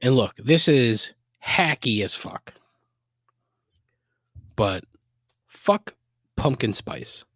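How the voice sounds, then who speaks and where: Boston-accented man, solo podcast host, exasperated profane griping, lively swooping pitch, dry close sound. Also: extremely slow, long pauses, dry recording. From Boston area, USA.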